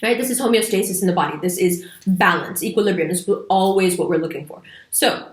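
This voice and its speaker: A woman's voice: fairly low pitch, quick pace. Chatty woman in an echoey room. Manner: chatty, emphatic, with sudden playful voices. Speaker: astrologer. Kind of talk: casual astrology talk to camera.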